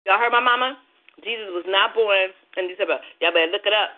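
A sassy woman host talks straight to her audience with lively energy. Her voice is mid-pitched for a woman and comes through narrow and phone-like. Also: quick pace. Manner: sassy, animated, addresses listeners directly. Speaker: radio show host. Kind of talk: casual phone-in talk radio. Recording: phone-like, lo-fi sound.

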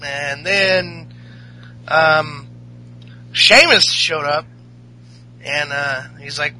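A man's voice: on the high side, very slow, long pauses, sharp tone, a little hiss or hum, low-quality recording. A man co-hosting a podcast in casual chat, rambling and laughing with crude humor. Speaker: podcast co-host.

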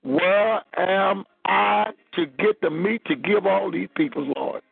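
Male minister, phone-line sermon, raspy, fairly high-pitched, very dry sound. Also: takes it slowly, no echo. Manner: preaching, reading scripture aloud.

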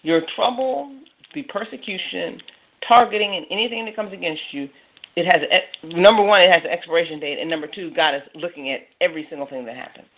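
A woman giving an earnest personal testimony on a church call, halting and repeating herself as she speaks. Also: on the low side. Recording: muffled lo-fi call audio.

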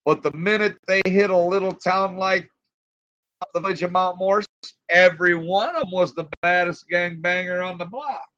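A man's voice: high-pitched, normal speed, a bit bright, no room sound, highs cut off. A man telling crude stories in casual chat, rambling and profane, often laughing at his own tales.

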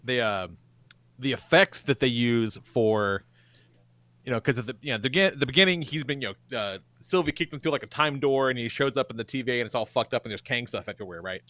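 A man's voice: medium pitch, brisk, pushed and bright, no echo. A man chatting on a podcast, rambling and restarting as he retells a scene. He slips into the characters' lines and laughs along. The sound is dry and close. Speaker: podcast co-host. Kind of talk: casual chat.

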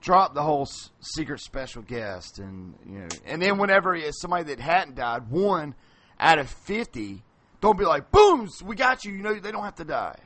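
Lively, bright-voiced ranting man. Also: fairly high pitch, moderate pace. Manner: exasperated ranting, stammering restarts. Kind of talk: casual chat.

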